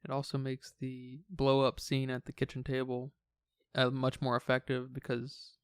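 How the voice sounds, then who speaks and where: A man's voice: medium pitch, clean tone, no echo. A man co-hosting a podcast, talking through a film in casual chat, often stumbling and restarting his words. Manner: halting, restarts words, relaxed enthusiasm. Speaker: podcast co-host. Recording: dry close recording.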